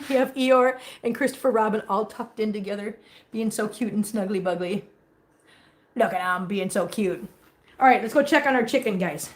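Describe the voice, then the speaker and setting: Chatty woman cooking in an echoey kitchen. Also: a little high. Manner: chatty, teasing, baby talk to cats. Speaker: cat vlogger cooking on a livestream. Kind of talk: casual live-stream chat while cooking. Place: home kitchen.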